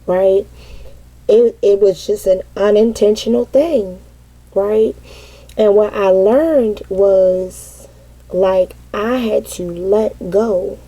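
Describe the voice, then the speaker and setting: A middle-aged mother telling a candid, casual personal story, animated and peppered with cursing. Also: medium pitch, takes it slowly, low-quality recording. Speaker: mother sharing parenting experience.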